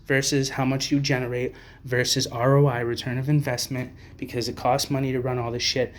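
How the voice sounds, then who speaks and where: A man's voice: mid-range voice, slight background noise. A man delivering a profane, blunt, rambling to-camera rant as an advocate for homeless people. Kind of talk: ranting to-camera monologue.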